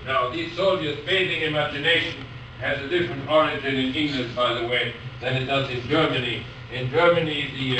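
A man giving a university lecture, reading poetry aloud slowly and otherwise talking haltingly with many pauses. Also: a little high, pushed and bright. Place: lecture hall. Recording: echoey hall from far off, faint noise.

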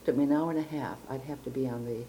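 Older woman, low mellow voice, reflective storytelling, precise words, faint background hiss. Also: steady tone, fast, poor audio. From Chicago, United States. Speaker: interviewee. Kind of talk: oral history interview.

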